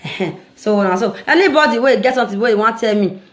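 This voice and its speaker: Animated Nigerian woman vlogging. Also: fairly high pitch, fast. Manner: animated, preachy, laughs while talking. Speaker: social media vlogger. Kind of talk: casual vlog monologue to followers.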